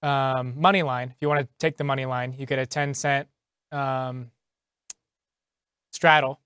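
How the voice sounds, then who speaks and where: A man's voice: medium pitch, fairly even intonation, measured pace, fairly bright tone, clean tone, no echo. A man co-hosting a sports talk show in a studio, explaining betting odds plainly with some fillers. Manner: brief, matter-of-fact, explains numbers with fillers. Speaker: co-host who reads out betting odds. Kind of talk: casual studio chat.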